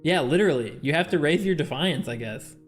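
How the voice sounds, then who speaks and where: A man's voice: fairly high pitch, lively intonation, a little fast, faint music behind. A man streaming a game with his chat, chatting casually, laughing often and reading game text aloud. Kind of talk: casual livestream chat while playing a game with chat.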